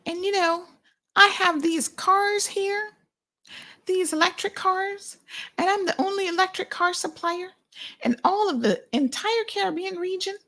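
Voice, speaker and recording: A woman's voice: very high-pitched, unhurried, bright, forceful tone, pitched above the performer's own voice, full character voice. A woman voicing a boastful older American man who acts like a smug con artist. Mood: smug boasting. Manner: boastful, mocking.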